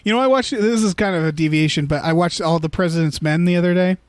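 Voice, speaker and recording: A man with a notably high speaking voice talks loosely through a movie, stumbling into restarts and slipping into mock voices for quotes. The sound is dry and close, with no room around it. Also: quick pace, no room sound. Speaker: podcast co-host. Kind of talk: casual movie discussion.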